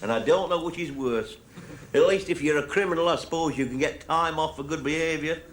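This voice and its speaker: An actor playing a stingy, stammering middle-aged shopkeeper, talking in a dry, sly way. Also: male voice, fairly high pitch, a little fast, lightly acted. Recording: hissy old sitcom clip.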